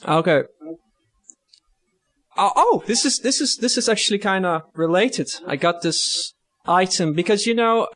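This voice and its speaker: A man co-hosting a casual podcast, rambling and joking with frequent restarts. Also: on the high side. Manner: rambling, lots of fillers and restarts, jokey. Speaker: podcast co-host. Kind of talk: casual chat.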